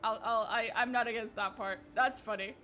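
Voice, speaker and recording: A woman's voice: fairly high pitch, steady tone, brisk, pushed and bright. A woman streaming a video game, reading its text aloud and reacting with sarcastic, profane asides. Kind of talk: casual game commentary.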